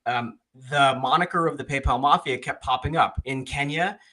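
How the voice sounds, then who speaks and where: A man's voice: medium pitch, moderate pace, sharp tone. A man, an author in an interview, telling a story in a casual, conversational way, with many fillers and restarts.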